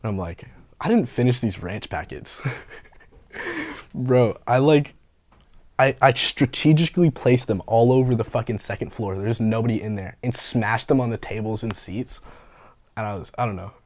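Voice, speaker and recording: A young man from the Bay Area tells stories in a loose, slangy, swear-heavy way, laughing often. His pitch sits in the middle. The sound is dry and close, with no room echo. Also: big pitch swings, normal speed, a little mellow. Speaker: graffiti artist and painter. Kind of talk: casual storytelling interview.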